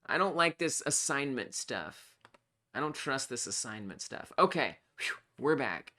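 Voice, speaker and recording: A game developer on a live coding stream, thinking aloud while debugging, excitable and self-talking. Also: mid-range voice, measured pace.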